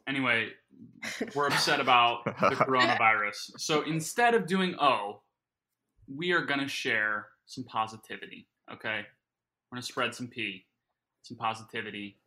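A man's voice: medium pitch, normal speed, sharp tone, rough recording. A man co-hosting a casual podcast, joking and rambling with lots of fillers, eating while he talks. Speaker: podcast co-host.

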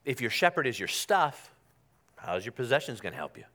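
A pastor preaching a conversational sermon in a church, repeating himself and calling on the congregation to respond. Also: male voice, medium pitch, very animated, brisk, pushed and bright. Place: church sanctuary.

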